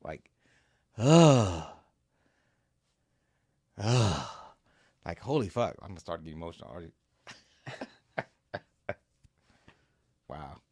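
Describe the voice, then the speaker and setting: Gravelly, animated man telling a story. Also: deep voice, measured pace, long pauses, dry recording, clean studio sound. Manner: emotional, animated, swears freely, acts out his own reactions. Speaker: company CEO recounting an ocean row. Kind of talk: casual interview storytelling.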